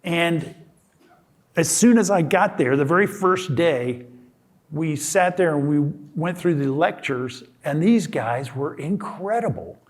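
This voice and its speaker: A man's voice: a little high, lively intonation, slow pace. A man in his sixties giving a casual talk in a lecture hall, telling a story with restarts and acted-out quotes. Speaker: guest speaker.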